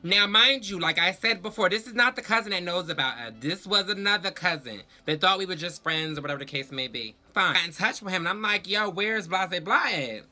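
A young man telling a storytime vlog in a sassy, profane, animated way. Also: sits high, fast, hardly any pauses. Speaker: vlogger.

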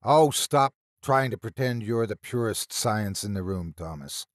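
A man voicing a shrewd older woman doctor in an audio horror story. She speaks bluntly and firmly, at times quietly, with a dry and close sound. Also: on the low side, lively intonation, measured pace, dry recording. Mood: sharp. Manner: firm and blunt, sometimes soft.

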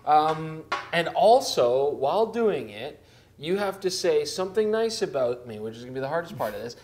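A man's voice: a little high, normal speed, slight background noise. A man, co-hosting a casual, joking chat about camera gear. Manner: animated, jokey, laughs often. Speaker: co-host of camera gear show.

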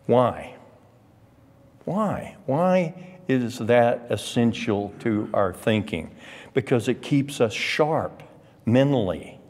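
A man's voice: medium pitch, animated, slow pace, a little mellow, in a large hall. A man teaching an adult Sunday school Bible class, stressing key words by drawing them out. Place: church classroom or hall.

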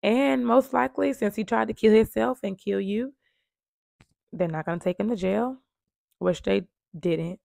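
A woman's voice: mid-range voice, moderate pace, creaky, a little mellow, dry recording, studio quality. A woman earnestly telling her own story of surviving domestic violence, with emphatic repetition. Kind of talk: emotional personal storytelling.

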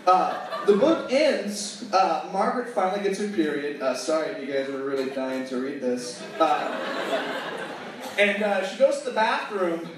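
A young man performs stand-up in a high voice with a halting, self-mocking delivery full of pauses. He is heard from a distance in a very echoey room. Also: a little hiss or hum. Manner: halting, self-deprecating, many "uh"s. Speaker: stand-up comedian. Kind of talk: stand-up comedy. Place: small stage before a live audience. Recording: echoey room, far-off mic.

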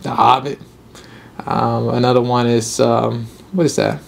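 A man's voice: medium pitch, flat delivery, measured pace, creaky. A young man hosting his own video podcast, talking casually in a rambling, upbeat way and laughing easily. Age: young adult. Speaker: podcast host.

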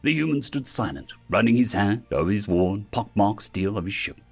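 A man narrating a science-fiction story in an expressive storytelling manner. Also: on the low side, normal speed, husky, soft background music. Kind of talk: scripted sci-fi story narration.

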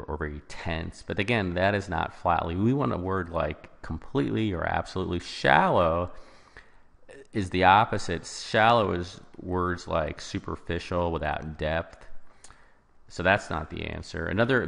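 A man's voice: low-pitched, gravelly, a bit bright, long reverb tail. A man teaching a recorded test-prep lesson, explaining each answer choice in turn and restarting his sentences as he goes.

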